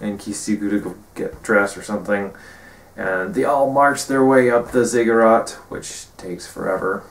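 A man recapping his tabletop game session as game master, rambling with many pauses and fillers. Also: lowish voice. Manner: rambling, many ums, quotes players in brief character bits. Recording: echoey room, far from mic.

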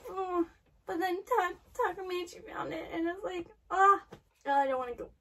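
A woman's voice: very high-pitched, steady tone, normal speed, fairly bright tone, recorded from a distance. A woman reacting aloud to an anime episode, emotional, exclaiming and trailing off mid-sentence.

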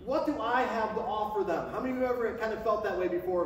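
A man with a very high voice preaches a sermon to his congregation, speeding up and climbing in pitch as his passion builds. He is recorded from far off in a big, echoey sanctuary with a long reverb tail and a faint hum behind him. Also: quick pace, hardly any pauses. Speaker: pastor. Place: church sanctuary before a congregation.

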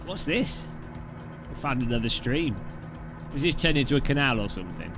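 A man's voice: medium pitch, sing-song, moderate pace, pauses often. A man casually chatting and joking while live-streaming a game, swearing now and then. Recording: clear background music. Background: background music.

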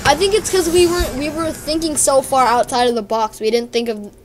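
A woman giving casual co-op gaming commentary, excitable and teasing, laughing easily at her partner. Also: high voice, a little fast, slight background noise. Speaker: let's play co-host.

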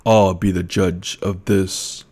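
A man voicing a gluttonous, scheming older male baron who speaks slowly and condescendingly. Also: low-pitched, level tone, darkish tone. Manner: slow, menacing and condescending.

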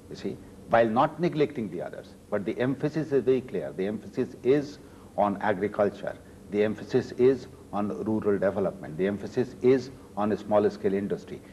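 Indian-accented older male minister, warm low tone, measured answers with many uhs. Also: slight background noise, rough recording. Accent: Indian English. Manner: measured, repetitive emphasis, hesitant fillers. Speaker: finance minister interviewee. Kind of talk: formal TV interview answers.

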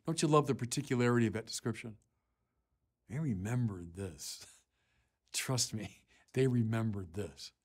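A man, a bishop, preaching a Sunday sermon in earnest, deliberate phrases with pauses, rising in force when he quotes scripture. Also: lowish voice, breathy edge. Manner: slow, deliberate delivery with pauses.

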